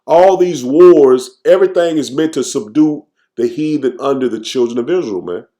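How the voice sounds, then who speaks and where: Man preaching in a relaxed street-talk way, warm dark voice, says "man" constantly, slow halting scripture reading. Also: medium pitch. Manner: tags nearly every phrase with "man"; reads scripture slowly, stumbling and restarting. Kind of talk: informal scripture teaching.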